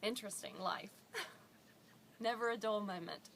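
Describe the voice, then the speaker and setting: A mother telling a funny story about her toddler in an expressive, animated way, recorded as an audition. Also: medium pitch, moderate pace, creaky, a little hiss or hum.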